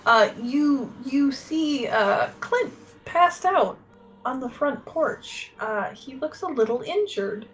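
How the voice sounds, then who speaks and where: A woman runs a tabletop game in a loose, casual narrating voice scattered with fillers. Her pitch sits a little high, and faint music plays underneath. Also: expressive, slow pace. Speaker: game master.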